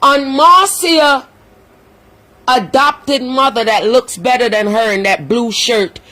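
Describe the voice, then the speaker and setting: A woman's voice: a little high, a little slow, fairly bright tone. Woman, livestream rant, heated, cursing, scolding. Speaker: social media commentator.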